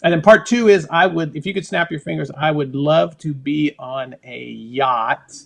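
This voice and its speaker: A man being interviewed on a podcast, telling rambling, animated stories. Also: a little high, normal speed, creaky. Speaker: podcast guest. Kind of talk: casual interview.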